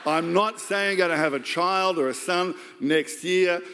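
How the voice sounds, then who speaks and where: An Australian man preaching a sermon as pastor, jokey and animated, acting out the voices of the story. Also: high-pitched, measured pace. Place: large church hall. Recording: long hall reverb.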